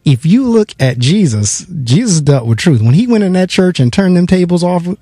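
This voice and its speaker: This man hosts a radio talk show and speaks in a relaxed, conversational way, sometimes slipping into the rolling cadence of a preacher. His voice sits slightly high for a man but has a soft, mellow tone. The sound is dry and close to the mic. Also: normal speed, husky, no echo, faint music behind. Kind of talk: radio interview.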